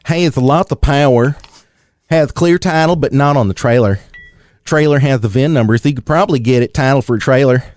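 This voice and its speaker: A man's voice: mid-range voice, fairly quick, a little mellow, no room sound, clean studio sound, lightly acted. A man putting on a Tennessee accent to voice a folksy man selling his homemade car, with an exaggerated sing-song drawl. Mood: mocking.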